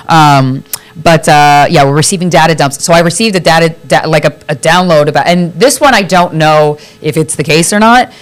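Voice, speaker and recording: A woman's voice: low-pitched, moderate pace. A woman hosting a live podcast from a studio, talking in a rambling, reflective way with lots of fillers and restarts. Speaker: podcast host. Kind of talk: casual live chat.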